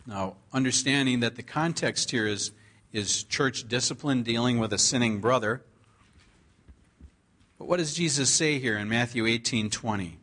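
A man preaching a sermon, earnestly quoting scripture and drawing out the key phrases slowly for emphasis. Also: mid-range voice, a bit bright. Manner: earnest preaching, drawn-out repeated scripture quotes. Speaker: pastor.

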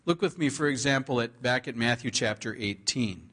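A man preaching a sermon, earnestly quoting scripture and drawing out the key phrases slowly for emphasis. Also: medium pitch, pushed and bright. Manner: earnest preaching, drawn-out repeated scripture quotes. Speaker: pastor.

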